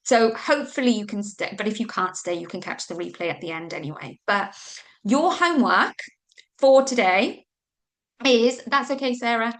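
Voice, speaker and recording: A woman's voice: a little high, expressive, moderate pace, fairly bright tone. A Welsh woman leading a live online business training, talking informally with lots of "like" and "okay" and the odd mild curse. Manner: chatty and informal, with frequent "like" and "okay"; mild swearing when flustered. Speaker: business coach.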